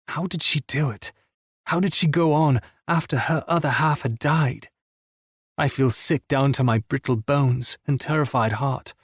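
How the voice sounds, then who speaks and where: A man narrating a romance audiobook in the first person, with a subdued, intimate reading and a husky voice. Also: medium pitch, dry recording, studio quality.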